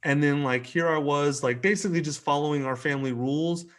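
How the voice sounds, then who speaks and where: A man's voice: fairly high pitch, fast talker, a bit bright. A man in his thirties, frank and earnest, swearing casually and restarting sentences while telling a personal story as a podcast guest. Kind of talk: candid conversational storytelling.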